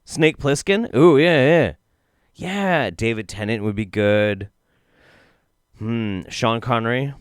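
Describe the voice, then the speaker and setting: A man's voice: medium pitch, takes it slowly, long pauses, clear, resonant tone, no room sound, clean studio sound. A man doing casual, profane, sarcastic live-stream commentary while reacting to a video.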